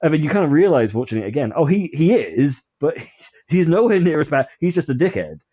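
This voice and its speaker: A man's voice: fairly high pitch, very animated, a little fast, warm tone, husky, no echo, muffled recording. A man chatting casually on a podcast, rambling with lots of fillers and restarts. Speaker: podcast guest.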